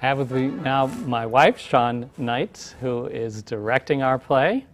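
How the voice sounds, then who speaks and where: A man hosting a community TV interview as a theater company president, hesitant with frequent pauses and fillers. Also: mid-range voice, soft background music. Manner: hesitant, many uhs.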